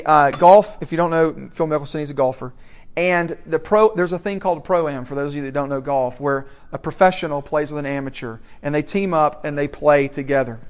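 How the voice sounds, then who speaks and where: Man preaching a story-driven sermon. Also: fairly high pitch. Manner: storytelling with asides to the audience, swings from hushed to loud.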